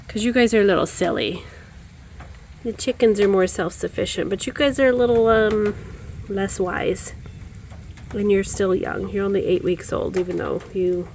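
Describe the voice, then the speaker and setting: Homesteader lady filming outside, chatty, coos up high at her birds, lots of oh no's, bit of hiss. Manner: emotional, dismayed exclamations. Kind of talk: casual vlog commentary. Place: outdoors in a rural yard and garden.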